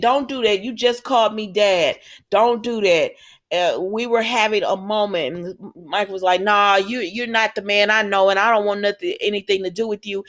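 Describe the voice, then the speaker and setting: A woman casually recapping a soap opera, retelling scenes in quoted dialogue with chatty asides. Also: mid-range voice. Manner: laughs and exclaims at the characters.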